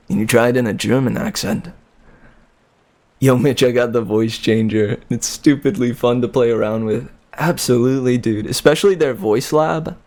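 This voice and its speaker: A man with a gravelly, creaky voice chats easygoingly with his stream audience. He laughs often and repeats words as he goes. His speech is slow and unhurried. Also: medium pitch, mellow. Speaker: streamer reading a novel aloud. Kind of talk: casual chat with live chat.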